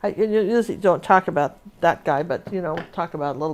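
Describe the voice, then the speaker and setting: A woman's voice: fairly low pitch, lively intonation, fast, hardly any pauses, a little hiss or hum. Woman art teacher rambling thru stories while she paints, lots of asides. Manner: rambling, chatty storyteller with many asides. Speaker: painting instructor. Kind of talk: live painting demo with chatty stories.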